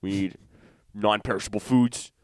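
Casual young male podcast co-host, a little low and smooth, congested from a cold, rambling and foul-mouthed. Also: steady tone, moderate pace, dry recording, clean studio sound. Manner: laid-back, profane, rambling. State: stuffy with a cold. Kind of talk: casual chat.

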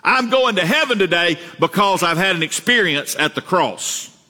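A man preaching a sermon as pastor, earnest, repeating words and climbing higher to stress a point. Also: animated, normal speed, bright, forceful tone. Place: church sanctuary. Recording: reverberant church hall.

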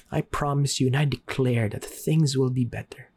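A man speaks earnestly as a podcast host, urging listeners toward hope and faith. His voice is slightly husky, and he slows down for dramatic pauses on the key lines. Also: medium pitch, a little mellow. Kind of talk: inspirational faith talk.

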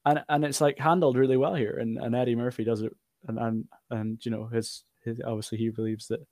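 In clean, dry studio audio, a man co-hosting a podcast talks casually about a film. His mid-range voice is flat and a little mellow, and his speech is halting, full of restarts and fillers, broken up by frequent laughter.

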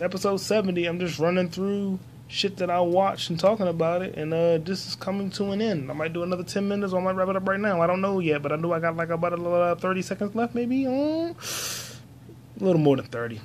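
A man rambles through a solo podcast, cursing freely and muttering to himself. His voice sits a little high. It is recorded on a phone, with a faint hiss underneath. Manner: rambling, profane, talks to himself. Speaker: podcast host.

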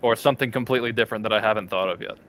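A man's voice: fairly low pitch, very fast, a bit bright, slight background noise. A man co-hosting a casual podcast, talking in an offhand, scattered way and often trailing off or restarting. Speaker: podcast co-host.

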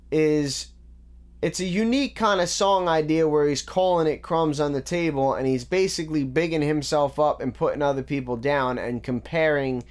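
Higher-pitched man breaking down rap lyrics. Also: darkish tone. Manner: methodical, quotes lines back and repeats "again". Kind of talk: casual spoken breakdown of rap verses.

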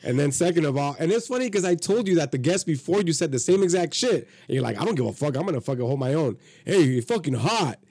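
A man hosting a podcast in casual chat, profane and animated, acting out quotes as he tells stories. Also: fairly high pitch, fast, hardly any pauses, husky, no echo, studio quality. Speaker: podcast host.

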